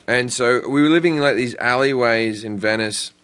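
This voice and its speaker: A talk show host, telling loose, profane stories in casual chat. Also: male voice, mid-range voice, normal speed. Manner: loose, profane, animated storytelling.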